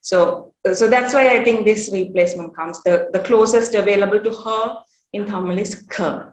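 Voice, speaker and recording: A woman giving an academic workshop presentation at a conference. She speaks in a measured way, often pausing on "uh" and "um". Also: mid-range voice. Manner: measured, with frequent "uh" pauses. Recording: roomy echo.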